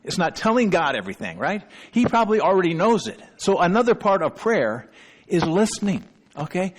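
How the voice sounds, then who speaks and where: A man's voice: high voice, sing-song, a little fast, in a large hall. A male pastor preaching a sermon, emphatic, often checking in with his listeners and repeating key phrases. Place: church sanctuary.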